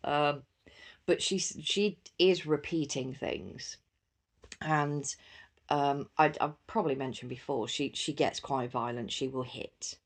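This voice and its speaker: A woman's voice: low-pitched, slow pace. A young woman hosting a podcast, chatting casually with lots of fillers and frequent laughter. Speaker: podcast host. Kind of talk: casual solo chat.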